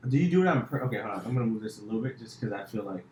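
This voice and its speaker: A man's voice: fairly low pitch, lively intonation, rapid-fire, darkish tone, a little hiss or hum. A man hosting a podcast, chatting loosely and rambling with many fillers and restarts. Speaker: podcast host, comedian. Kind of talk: casual chat. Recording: echoey room.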